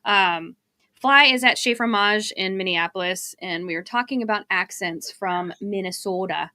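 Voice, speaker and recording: A woman's voice: mid-range voice, moderate pace, sharp tone, dry recording, clean studio sound. A woman from Arizona co-hosting a marketing livestream, chatty and laughing as she drifts into tangents. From Arizona, USA. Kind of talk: casual live-stream chat.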